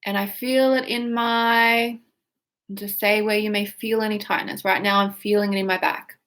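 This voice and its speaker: A woman's voice: mid-range voice, fairly even intonation, a bit bright. A woman leading a guided tapping and breathing exercise, giving instructions and speaking emotional phrases for listeners to repeat. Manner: slow, guiding, with yawns and whiny repeated phrases. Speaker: tapping practitioner.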